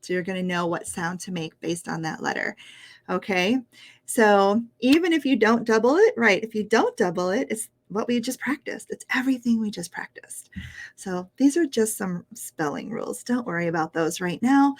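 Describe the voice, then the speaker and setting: A woman teaching English pronunciation online, patient and upbeat, repeating words slowly for her learners to copy. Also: medium pitch, animated. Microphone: headphones while sharing screen.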